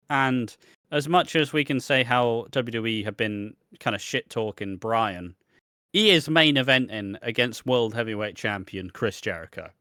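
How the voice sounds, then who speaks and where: A man talks wrestling with a podcast co-host in loose, profane, laughing chat. His voice is bright and forceful, recorded dry and close with no room sound. He rambles from point to point. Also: mid-range voice, clear, resonant tone, dry recording. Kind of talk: casual wrestling review chat.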